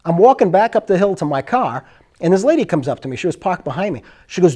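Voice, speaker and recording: Male host, casual storyteller, slightly high, mellow tone, acts out the quoted lines. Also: expressive, a little fast. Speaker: show host.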